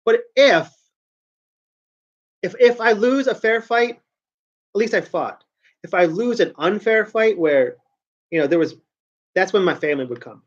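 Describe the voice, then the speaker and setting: A man's voice: high voice, muffled recording. A man hosting a show, giving a brash, blunt ranting commentary full of swearing. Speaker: show host.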